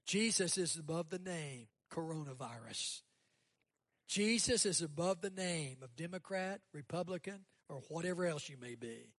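A guest pastor, a man, preaching a sermon and leading an altar call, swinging between loud rising bursts and quiet, dropped lists. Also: fairly high pitch, expressive, moderate pace, no room sound. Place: church sanctuary.

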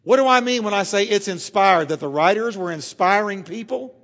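A pastor preaching a sermon to his church, emphatic, dropping quiet and then swelling loud, drawing out key words. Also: sits high, expressive, normal speed, long reverb tail.

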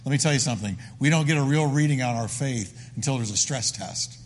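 A man's voice: medium pitch, fairly quick, long reverb tail. A man preaching a sermon as the pastor, emphatic and full of repeated phrases.

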